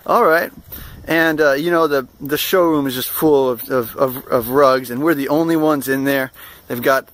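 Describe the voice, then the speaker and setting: A man's voice: medium pitch, steady tone, normal speed, hardly any pauses. A young man casually telling a travel story in a rambling way, with plenty of fillers and amused asides. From United States. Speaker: vlogger.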